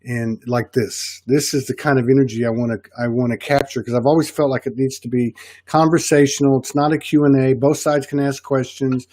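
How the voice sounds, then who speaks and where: A man's voice: mid-range voice, fairly even intonation, fairly quick, darkish tone, dry recording, studio quality. A man with a Southern US accent hosting a casual podcast chat, rambling with many restarts. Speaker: podcast host.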